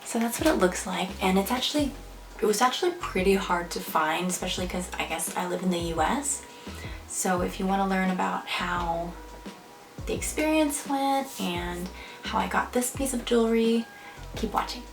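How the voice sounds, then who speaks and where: A woman's voice: medium pitch, normal speed, gravelly. Chatty young woman vlogging in an echoey room. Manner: chatty, many fillers like "like" and "um". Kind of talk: casual vlog talk to camera. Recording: echoey room, a bit far from the mic, faint music.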